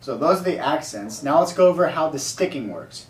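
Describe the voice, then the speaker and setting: A man's voice: fairly high pitch, animated, a little fast, far from the mic. A man teaching a drumming exercise, explaining sticking and counting rhythms aloud. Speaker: drum teacher. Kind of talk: casual instructional explanation. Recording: echoey room, off-mic, noisy.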